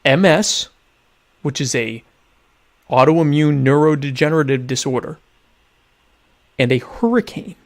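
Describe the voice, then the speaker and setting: A man's voice: on the high side, lively intonation, measured pace, long pauses. A young man hosting a casual live-streamed talk show, reading viewer questions aloud and answering with sardonic, mock-pompous humor. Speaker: podcast host.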